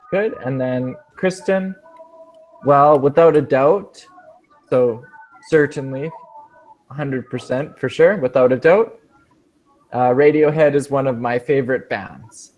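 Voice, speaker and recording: A man's voice: mid-range voice, a little slow, long pauses, darkish tone, lo-fi sound. Patient male English teacher. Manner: patient, explains with many rephrasings. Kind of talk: explaining in a speaking class.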